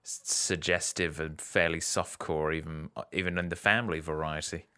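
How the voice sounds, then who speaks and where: A man's voice: a bass voice, fairly even intonation, normal speed, pushed and bright, smooth. A man co-hosting a casual podcast, joking and guessing at plot twists. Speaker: podcast co-host. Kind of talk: casual chat.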